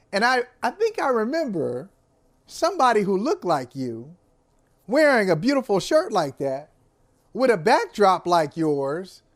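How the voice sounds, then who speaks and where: Man, sports talk host, teasing, animated, very high pitch, lively delivery. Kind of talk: sports talk show debate.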